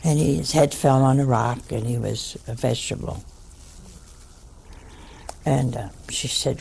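A woman's voice: extremely low pitch, measured pace, creaky, long pauses, dark tone, slight background noise. An older woman, a nun, telling a wry anecdote to an audience. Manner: wry, anecdotal, with dry asides. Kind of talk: storytelling talk to an audience.

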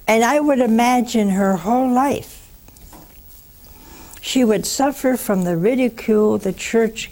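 An older woman with a mid-range, darkish voice hosts a religious call-in show. She answers callers slowly, bluntly, and fervently, calling them honey.

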